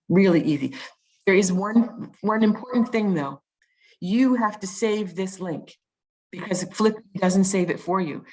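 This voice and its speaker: Lower-voiced woman teaching a webinar. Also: darkish tone, poor audio. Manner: explanatory, with frequent ums and restarts. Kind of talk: online teaching demonstration.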